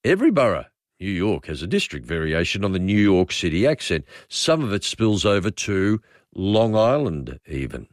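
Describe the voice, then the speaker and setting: An Australian man hosts a talkback radio show in a relaxed, rambling way. His voice sits low but moves a lot in pitch. The sound is dry and close. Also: moderate pace, no room sound. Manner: rambling, relaxed, reads listener messages aloud. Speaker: radio host. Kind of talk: casual talkback radio chat.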